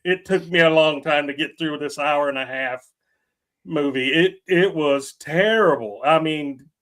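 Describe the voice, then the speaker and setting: Emphatic, slow-talking man ranting. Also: fairly high pitch, a bit bright. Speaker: podcast film reviewer. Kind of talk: casual movie review chat.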